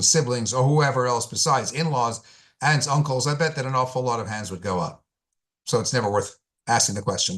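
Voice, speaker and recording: A man preaching as a rabbi, at a middle pitch. He carries his sermon through stories and leans on repeated phrases and well-placed pauses for weight. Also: a bit bright. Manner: storytelling with emphatic repetition and deliberate pauses.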